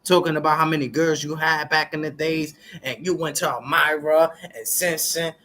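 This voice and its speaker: A fairly high-voiced man ranting to camera in heavy street slang. He talks preachy and loose, keeps checking in with his viewers, and gets loud and animated when he's fired up. A faint noise sits under his voice. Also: normal speed. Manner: street slang, repeats "y'all" and "you understand what I'm saying". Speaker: vlogger. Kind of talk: casual ranting commentary to viewers.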